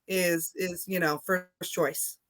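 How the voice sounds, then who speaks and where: A woman's voice: on the low side, fairly even intonation, slow pace, a bit bright. A woman speaking as a guest on a casual panel, easygoing and chatty. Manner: chatty, easygoing, hedging with fillers.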